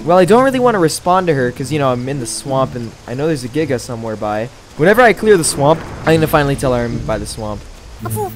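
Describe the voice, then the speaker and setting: A man giving excitable let's-play commentary, often breaking into high yelps and laughter. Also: quick pace, background noise. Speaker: gaming video creator. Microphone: new microphone.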